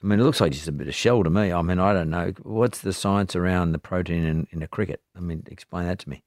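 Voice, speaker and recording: A man's voice: low-pitched, fast, a little mellow, no echo. A man hosting a podcast interview, asking curious, probing questions into a close studio mic. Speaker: podcast host. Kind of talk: interview chat.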